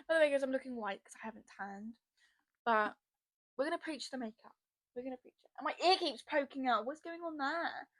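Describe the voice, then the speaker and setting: A woman's voice: high voice, a little fast, dry recording. A young woman hosting a casual solo podcast, rambling and chatty, blunt and given to swearing, into a podcast microphone. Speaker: podcast host.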